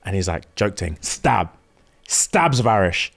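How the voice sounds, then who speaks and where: A man's voice: on the low side, lively intonation, a little slow, vocal fry. A man, a podcast co-host retelling a plot, acting out the characters' lines and swearing a lot. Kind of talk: animated story retelling.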